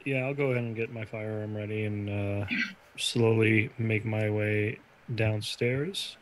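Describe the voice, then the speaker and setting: A man's voice: fairly low pitch, steady tone, a little slow, slight background noise, low-quality recording. A man playing a tabletop game, speaking cautiously and in character. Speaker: player. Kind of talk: tabletop role-play.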